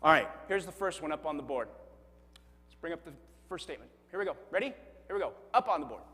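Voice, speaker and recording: This pastor speaks fast, his fairly high voice carrying a breathy edge. Preaching in a reverberant church sanctuary, he animates funny tales with acted-out quotes and self-mockery, drawing laughter from the congregation.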